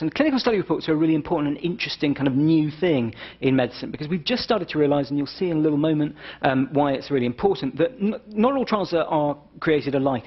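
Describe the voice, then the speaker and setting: A British man in his forties, a doctor giving a public lecture in a wry, animated way, often checking in with "right?". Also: a little high, slightly rough, highs cut off. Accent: British English. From Britain. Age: 40s.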